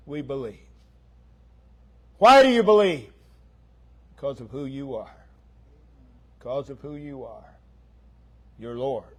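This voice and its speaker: A man preaching a sermon, emphatic and repetitive, swinging between loud declarations and hushed lines. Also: mid-range voice, animated, slow, pauses often. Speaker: pastor.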